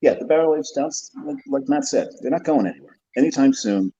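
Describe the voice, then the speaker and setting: A man's voice: medium pitch, lively intonation, a little fast, warm tone, breathy edge, lo-fi sound. A man co-hosting a podcast from a remote call, easygoing and agreeable in a casual chat. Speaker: podcast co-host. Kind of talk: casual chat over beers. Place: remote call from another state.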